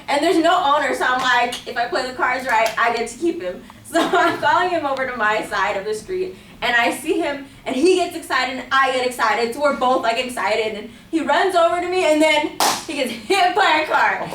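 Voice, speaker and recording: High-voiced young woman telling a story. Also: lively intonation, normal speed, hardly any pauses, a bit bright, a little hiss or hum. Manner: casual, filler-heavy, acts out her own lines. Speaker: student speaker. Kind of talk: storytelling speech. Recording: echoey room from far off.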